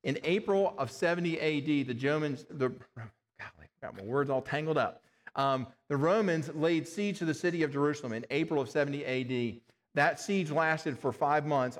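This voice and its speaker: A man preaching a sermon in an earnest, plain-spoken way, sometimes stumbling over words and restarting them. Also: mid-range voice. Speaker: pastor. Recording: long reverb of a large hall.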